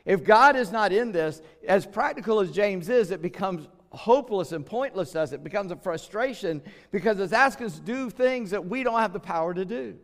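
A middle-aged man preaching a sermon as pastor, in a folksy, chatty way with jokes and quick asides. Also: high-pitched, expressive. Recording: long hall reverb.

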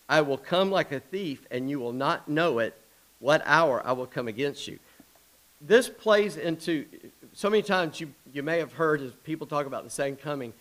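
A middle-aged man preaching a sermon in a folksy, storytelling manner, with quick asides and chuckles. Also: mid-range voice, fairly bright tone, rough recording. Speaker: pastor.

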